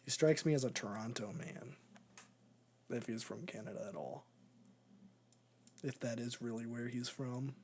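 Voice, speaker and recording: A man's voice: mid-range voice, steady tone, unhurried, pauses often, a little mellow. A man co-hosting a podcast, rambling and joking in casual chat. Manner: rambling, joking, laughs often. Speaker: podcast co-host.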